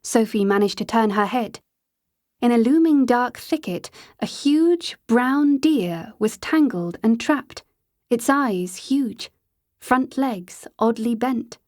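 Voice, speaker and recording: Woman audiobook narrator, higher register, dry close sound, unhurried scripted read. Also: lively intonation, a little mellow, no room sound.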